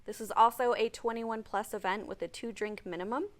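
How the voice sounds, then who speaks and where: A woman's voice: on the high side, fairly even intonation, fairly quick. A woman hosting a morning show, chatting casually and reading out event listings with frequent laughter. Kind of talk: casual studio chat.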